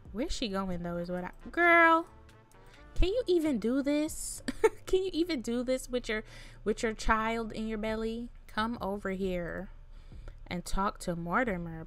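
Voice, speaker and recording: A woman hosting a casual let's-play, chatting to viewers in an animated, exclaiming way with frequent laughs and slang. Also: mid-range voice. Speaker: gaming channel host.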